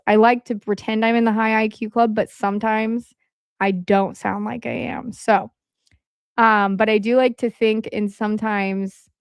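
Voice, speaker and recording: A woman hosting a casual livestream, rambling along in a chatty way and filling her pauses with "um.". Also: medium pitch, clean tone, no echo, studio quality. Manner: rambling, with frequent "um" fillers. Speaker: livestream host. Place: at home.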